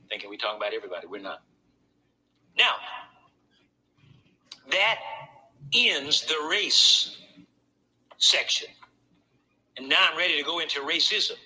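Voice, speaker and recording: A man's voice: mid-range voice, sharp tone, low-quality recording. A man pastor preaching a sermon to his congregation, talking it through in a conversational way with pointed asides.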